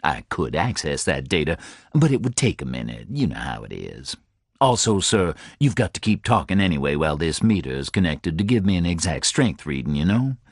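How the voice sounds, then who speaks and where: A man voicing a small-town male detective who speaks low, measured and careful. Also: very animated, husky, no room sound, studio quality, exaggerated voice. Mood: smooth pretense.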